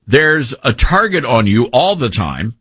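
A man hosting a talk radio show, telling stories in a conversational, animated way with frequent restarts. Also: mid-range voice, a little slow, slightly rough, no room sound. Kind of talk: conservative talk radio monologue.

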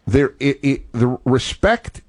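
A man's voice: mid-range voice, animated, slow pace. Older man hosting call-in radio. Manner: thoughtful, digressive, restarts mid-sentence. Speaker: radio talk show host.

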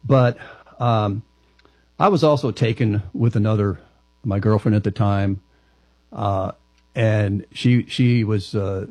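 A man telling a personal story to an interviewer, halting and often restarting his sentences. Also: lowish voice, a little mellow, no echo. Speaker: interview guest.

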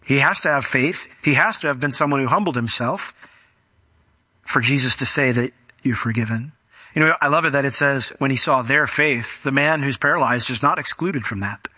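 Guy preacher, folksy and chatty, super bright voice, dry room. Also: mid-range voice, moderate pace, slightly rough, no room sound. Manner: folksy, acts out quoted voices. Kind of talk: conversational Bible teaching.

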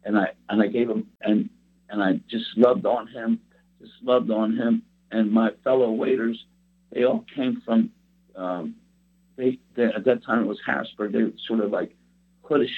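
A man's voice: lowish voice, fairly even intonation, moderate pace, breathy edge. A man preaching a personal testimony in an earnest, rambling storytelling way. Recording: tinny phone-like sound.

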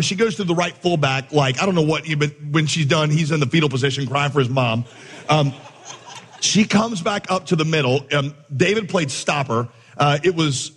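A man delivers a sermon in a slightly high, husky voice, spinning a lively story and acting out each character. His voice rings through a large hall with a long reverb tail. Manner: animated storyteller, acts out voices with big pitch jumps. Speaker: pastor.

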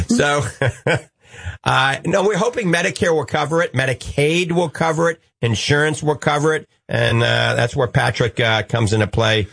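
A man's voice: fairly high pitch, moderate pace, creaky, a bit bright, dry recording. Upbeat New Orleans radio host man. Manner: upbeat, preachy, joking. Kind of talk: call-in radio talk.

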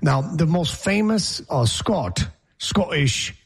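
A man's voice: on the high side, lively intonation, takes it slowly, breathy edge. A man hosting a sports talk show, opinionated and rambling as he jokes through the banter.

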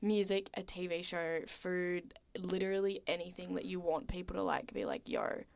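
A young woman chatting casually and asking questions, filling her talk with "like" and trailing off softly at times. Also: lowish voice, flat delivery, normal speed, creaky, dry recording. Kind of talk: casual chat.

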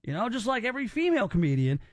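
A man's voice: very high-pitched, very animated, racing, no room sound, studio quality. A man hosting a podcast, giving opinions in casual chat and often repeating words as he restarts. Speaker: podcast host.

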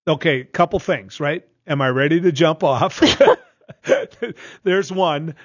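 A man's voice: a little high, takes it slowly, breathy edge, no room sound, muffled recording. A man co-hosting a radio show, telling a rambling story in casual banter, full of restarts and asides. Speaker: radio co-host.

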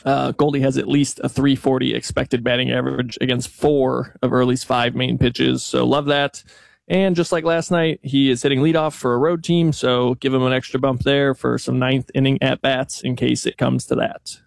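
A man's voice: medium pitch, level tone, normal speed, vocal fry, dry recording, clean studio sound. A man on a sports show giving a dense, stat-heavy baseball rundown with "uh" fillers. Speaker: baseball stats analyst. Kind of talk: casual sports talk.

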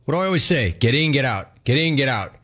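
A man hosting a sports radio call-in show, brash, playful and fast-talking. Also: medium pitch, animated, noisy background.

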